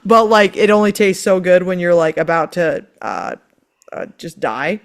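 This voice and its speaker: A woman's voice: fairly low pitch, expressive, moderate pace. A young woman co-hosting a podcast in loose, casual chat. She rambles through her points with constant filler words and drops swear words freely. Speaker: podcast co-host.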